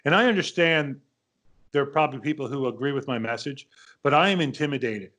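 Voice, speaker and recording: A podcast host, a man in his fifties with a middle-pitched voice, tells a casual story in a loose, conversational way. His delivery is brisk and fairly bright as he rambles through anecdotes, restarts sentences, circles back, and quotes the other people involved in their own voices.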